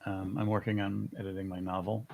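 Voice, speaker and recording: A man writer speaks on a livestream in a soft-spoken, unhurried way. His voice is low and gravelly, with plenty of fry. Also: level tone, a little hiss or hum. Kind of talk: casual livestream chat.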